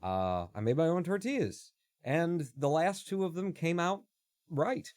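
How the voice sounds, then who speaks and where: A man's voice: on the high side, animated, measured pace, a little mellow, no room sound. Rambling, joking male streamer, dry sound. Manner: rambling, joking, self-interrupting. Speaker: live streamer. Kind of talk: casual live-stream chat while coding.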